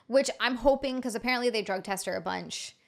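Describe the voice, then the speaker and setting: A young adult woman hosting a casual podcast chat, chatty and quick to laugh. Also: a little high, creaky. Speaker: podcast host.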